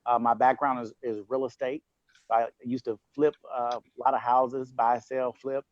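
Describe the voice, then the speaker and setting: Measured man speaking on a video call. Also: medium pitch, no room sound, highs cut off. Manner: relaxed, measured, hesitant with fillers. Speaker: co-host and group leader. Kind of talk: personal background talk on a call. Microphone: computer mic on a video call.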